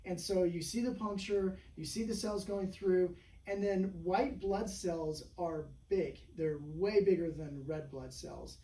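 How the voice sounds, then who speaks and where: Here the chiropractor's voice is high and mellow, unhurried but with hardly any pauses. Rambling through patient anecdotes in a casual interview, he keeps saying "you know" and "right?". Echo fills the room, the mic is far off, and there's a faint hum.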